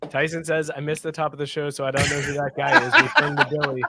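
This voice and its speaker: A man's voice: fairly high pitch, little pitch movement, quick pace, heavy background noise. A man hosting a casual podcast, reading out listener comments and joking with laughs. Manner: jokey, laughs often. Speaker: podcast host; youth assistant coach.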